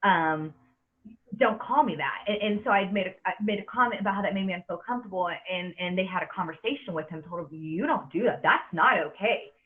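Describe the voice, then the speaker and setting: A woman in her thirties hosts a casual podcast chat, speaking fast in a fairly low voice. She talks earnestly and with emphasis, often repeating words, over tinny, phone-like audio.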